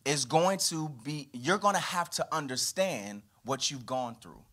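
Animated man preaching a sermon. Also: unhurried. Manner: animated preaching with sweeping pitch and volume. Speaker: pastor. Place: church.

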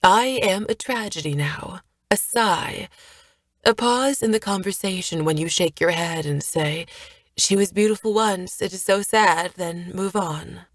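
A woman narrator performs a guarded elf woman with a formal, measured way of speaking. Her firmness hides a private hurt. The low voice is recorded close and dry. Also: no echo. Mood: wistful. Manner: firm, formal. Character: elf woman, proud, guarded, secretly wounded.

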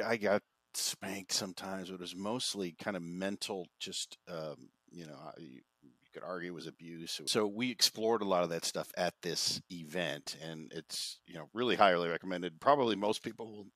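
Low voiced guy on a video call, dry sound, rambly and reflective, lots of restarts. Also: fairly bright tone, dry recording. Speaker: podcast guest. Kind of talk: casual conversational storytelling.

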